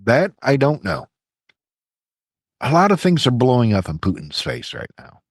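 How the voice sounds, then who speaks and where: A man's voice: medium pitch, huge pitch swings, normal speed, breathy edge, dry recording. A man co-hosting a casual podcast, joking crudely and rambling about sports and the news. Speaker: podcast co-host. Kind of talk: casual chat.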